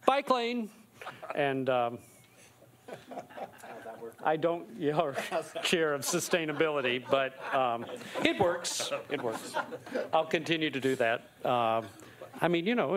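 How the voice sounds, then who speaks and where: A man chairing a city commission meeting, brisk and chatty with a joking side. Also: medium pitch.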